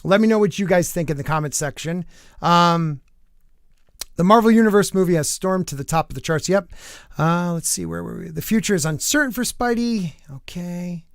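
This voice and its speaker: A man's voice: high-pitched, moderate pace, vocal fry, no echo, clean studio sound. A man hosting a live podcast, reading entertainment news aloud and rambling through his thoughts with lots of fillers. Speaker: podcast host. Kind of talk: casual live-stream news commentary.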